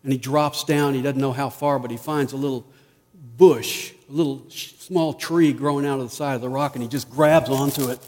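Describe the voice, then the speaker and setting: A man preaching a sermon as pastor, rising to emphatic peaks and dropping to quiet asides. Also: mid-range voice, steady tone, normal speed, in a large hall.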